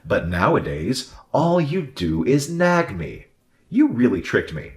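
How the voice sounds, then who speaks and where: A man voicing a selfish, condescending husband who blames his wife, in an animated drama. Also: medium pitch, slow, full character voice. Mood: arrogant. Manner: condescending, dismissive, then backpedaling. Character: selfish arrogant husband who loves fishing. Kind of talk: animated story voice acting.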